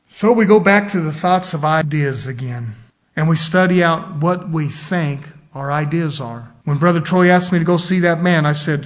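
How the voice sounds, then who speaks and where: A man's voice: on the high side, moderate pace. A man preaching a sermon in a folksy storytelling way, acting out the people he quotes.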